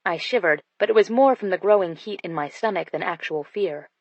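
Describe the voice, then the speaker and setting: Low-voiced woman narrating a romance. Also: brisk, few pauses, dry recording. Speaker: audiobook narrator. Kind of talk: first-person romance narration. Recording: dull dry studio sound.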